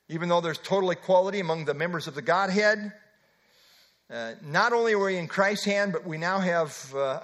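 A man's voice: high-pitched, a bit bright. A man preaching an expository sermon, emphatic, with casual asides and filler words.

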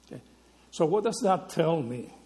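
A man preaching a sermon, teaching slowly and emphatically, often checking in with the listeners with a quick question. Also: on the high side, expressive, warm tone, long reverb tail. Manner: slow, emphatic teaching with frequent rhetorical "right?" checks.

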